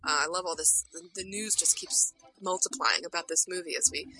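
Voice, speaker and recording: A woman hosting a casual fan podcast, briskly reading out news and quotes. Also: lowish voice, fairly even intonation, pushed and bright, faint music behind, low-quality recording.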